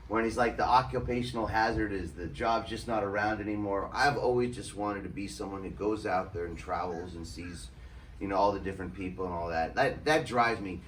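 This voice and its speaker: A man, a touring musician, chatting casually as a guest and telling animated stories. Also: on the low side. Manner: animated storyteller, does voices in anecdotes. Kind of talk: casual chat. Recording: distant mic, faint ambient noise.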